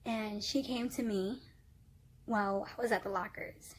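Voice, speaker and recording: A young woman vlogger telling a storytime casually, animated, dropping into whispers and laughs, with a breathy voice. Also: medium pitch, unhurried. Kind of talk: storytime vlog, casual retelling.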